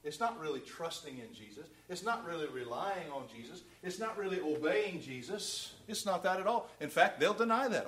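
Guy preaching a sermon, kinda high voice, punchy, keeps asking the crowd questions. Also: animated, moderate pace, hardly any pauses, fairly bright tone. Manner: emphatic, asks the listeners rhetorical questions.

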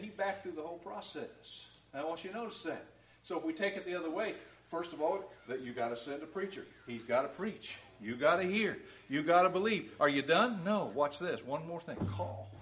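A man preaching a sermon, emphatic, asking the congregation rhetorical questions and moving between loud stress and quiet asides. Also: on the high side.

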